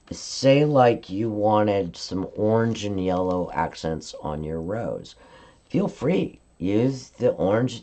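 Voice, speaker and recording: Brief: woman craft demonstrator, low warm voice, chatty step-by-step coaching on a live stream. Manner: chatty step-by-step instruction, frequent "okay?" check-ins. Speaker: card-making demonstrator.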